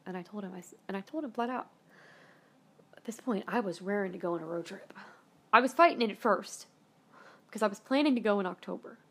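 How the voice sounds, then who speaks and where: A woman's voice: mid-range voice, fast, long pauses, husky. Emotional woman telling a personal story. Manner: emotional, near tears, whispering at soft moments; casual with swearing. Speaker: podcast host.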